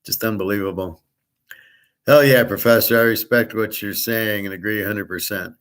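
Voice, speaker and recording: Blunt, cursing man with a low voice. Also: normal speed, fairly bright tone. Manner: blunt, profane, swaggering. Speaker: show host. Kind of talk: casual monologue answering viewers.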